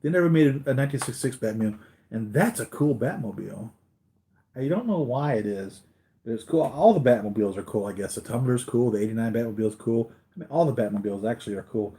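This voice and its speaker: A man's voice: mid-range voice, animated, fast, dark tone. Give me a tired man chatting loosely with his stream viewers, voice in a middle range. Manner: rambling, chatty, restarts a lot while talking to viewers. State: tired from a sleepless night. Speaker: collector hosting a live unboxing stream. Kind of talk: casual live-stream chat.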